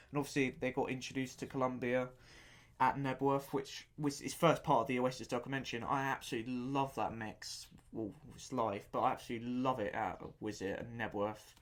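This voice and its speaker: A man hosting his own podcast and reviewing an album in casual unscripted talk. He rambles enthusiastically, often repeating himself and stopping to search for words. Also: mid-range voice.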